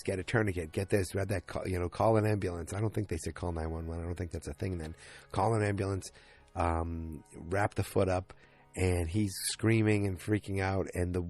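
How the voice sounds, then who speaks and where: A man's voice: low voice, a little mellow. A tired man hosting a podcast, recapping an episode in a rambling, casual way full of restarts and fillers. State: tired, yawning. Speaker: podcast host.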